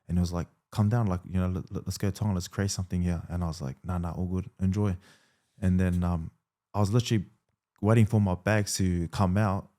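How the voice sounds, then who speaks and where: A man in his thirties, a rugby league player, telling his story in a relaxed interview, full of fillers and quoted dialogue. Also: sits low, fairly quick.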